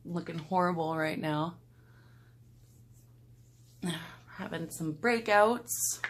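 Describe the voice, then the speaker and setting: A woman's voice: mid-range voice, takes it slowly, long pauses, slight background noise. A young woman vlogger chatting casually as she does her makeup and talks through each product. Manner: chatty, relaxed, talks while applying makeup. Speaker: beauty vlogger. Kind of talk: casual get-ready-with-me talk.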